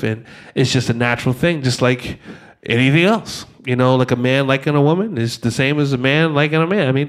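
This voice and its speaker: A man doing a profane stand-up comedy set on stage, swinging from shouting to a hushed mock-calm voice. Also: mid-range voice. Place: stage before a live audience.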